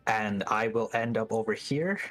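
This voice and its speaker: A man's voice: on the low side, normal speed, a bit bright, soft background music. A man playing a tabletop game, talking casually about his moves and often restarting his sentences. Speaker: player.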